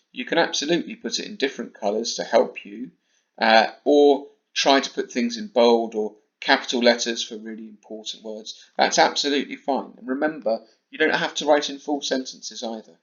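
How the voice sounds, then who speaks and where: A man teaching a primary school lesson from home with an English accent, talking slowly and carefully with deliberate pauses. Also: medium pitch. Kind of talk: recorded home-learning lesson. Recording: slightly dull lo-fi recording.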